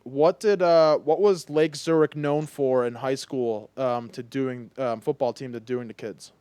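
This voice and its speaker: A young adult man hosting a podcast, telling stories in a casual, animated way with lots of "like". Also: mid-range voice, a little slow, clear, resonant tone, dry recording. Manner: animated storyteller, heavy use of "like". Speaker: podcast host. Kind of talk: casual chat.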